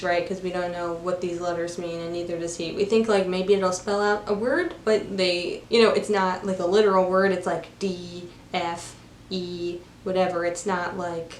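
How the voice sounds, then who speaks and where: A woman's voice: lowish voice, level tone, moderate pace. A woman reviewing a film, retelling its plot in a chatty, casual way with lots of fillers. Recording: roomy room, faint background noise.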